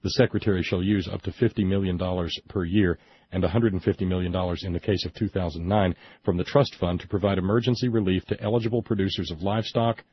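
A man with a low, husky voice delivers a sarcastic political monologue and rises into mocking indignation. He reads quotes quickly and stumbles over restarts now and then. The recording is dry and dull, like lo-fi home audio. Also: steady tone. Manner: hesitant restarts and fillers. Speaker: political commentary host. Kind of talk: sarcastic monologue reading from a report.

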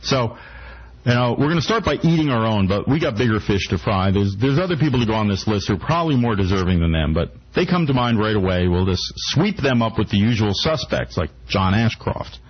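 A man's voice: on the low side, big pitch swings, a little fast, slightly rough. A man hosting talk radio, delivering a mock-earnest satirical rant full of stumbling restarts. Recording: muffled radio broadcast.

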